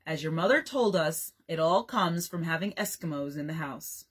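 A woman's voice: deep voice, expressive, normal speed, slightly rough. A woman doing a stern father of a big family. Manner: firm, commanding. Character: stern, proud father of twelve.

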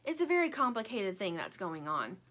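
A woman's voice: mid-range voice, big pitch swings, moderate pace, a bit bright. A woman voicing a bossy, know-it-all female toy stingray in a storybook, speaking with confident self-importance. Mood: self-assured. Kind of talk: storybook character voice.

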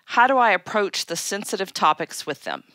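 A woman's voice: mid-range voice, expressive, moderate pace, bright, forceful tone, no room sound. A woman co-hosting an advice show, reading listener questions aloud in a light, wry way. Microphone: studio mic.

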